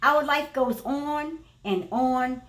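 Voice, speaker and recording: A woman with a high voice shares a spiritual testimony, earnest and emphatic, circling back over her own phrases. She sits back from the microphone, so her voice carries a roomy echo. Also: takes it slowly, a bit bright, recorded from a distance. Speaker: teacher and former preacher.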